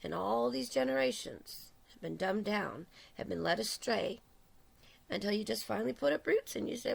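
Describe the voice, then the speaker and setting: A woman's voice: mid-range voice, expressive, normal speed, vocal fry, breathy edge. A middle-aged woman preaching an impassioned religious sermon, urgent and repetitive, building in intensity.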